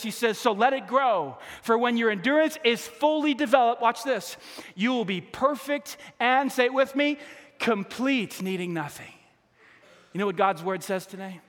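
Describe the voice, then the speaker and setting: A man preaching a lively sermon as a pastor, asking the congregation to repeat lines after him. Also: sits high, in a large hall.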